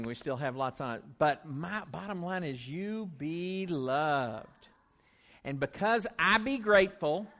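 A man giving a children's message in church, coaxing the kids to repeat short phrases slowly after him. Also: a little high, fairly bright tone. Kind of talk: children's message with call-and-response. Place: church sanctuary. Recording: long church reverb.

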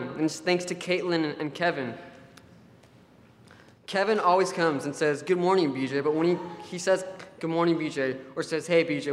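A man preaches in a relaxed, storytelling way, his voice sitting a little high for a man. His words ring with a long reverb, as in a large hall. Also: a little hiss or hum. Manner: storytelling, affectionate, conversational. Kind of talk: sermon at a church camp.

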